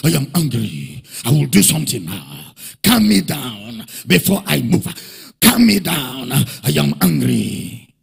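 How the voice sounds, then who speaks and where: A male preacher voicing an angry, demanding God who speaks slowly and repeats himself insistently. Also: sing-song, gravelly, breathy edge, exaggerated voice. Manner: deep, slow, insistent repetition.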